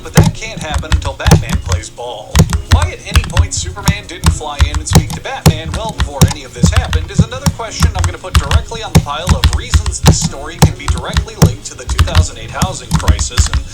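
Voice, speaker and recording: Sarcastic, high-pitched, animated male reviewer. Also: quick pace, few pauses, loud music behind the voice. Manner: sarcastic and profane, with big pitch jumps. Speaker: comic book reviewer. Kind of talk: sarcastic comedic commentary.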